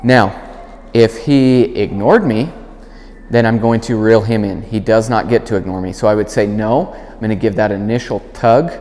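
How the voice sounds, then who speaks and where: A man with a lowish voice explains dog training calmly, step by step. He gives his commands firmly and clearly. His voice rings with the long reverb of a big indoor hall. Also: moderate pace, slight background noise. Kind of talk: instructional demonstration.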